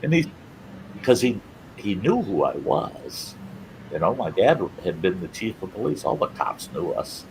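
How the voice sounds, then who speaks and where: Animated middle-aged storytelling host. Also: male voice, low voice, moderate pace, noisy background. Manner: animated, laughs through his story. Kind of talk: casual spoken storytelling.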